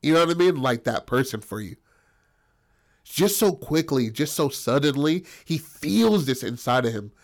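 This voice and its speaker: A man's voice: a little high, expressive, moderate pace. A man improvising a crude comic story, rambling and profane, checking in with "bro" and "right?".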